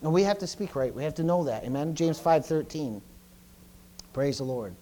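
A middle-aged male pastor preaching a sermon, often stumbling and repeating words, swinging between loud bursts and quiet asides. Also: on the high side, lively intonation, moderate pace.

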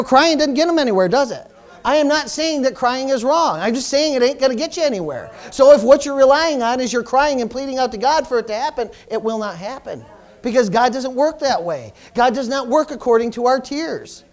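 A pastor preaching a sermon to his congregation, emphatic and repetitive, stumbling over restarts and calling out for amens. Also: very high-pitched. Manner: emphatic, repetitive, stammering restarts, call-and-response. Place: church service.

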